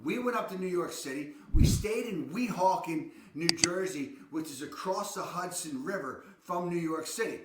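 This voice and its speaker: A man with a Baltimore accent hosting a relocation vlog, hyping places in an excited, salesy way and repeatedly asking rhetorical questions. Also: on the high side, moderate pace, hardly any pauses. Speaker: relocation guide host. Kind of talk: promotional vlog monologue. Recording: echoey room with loud background noise.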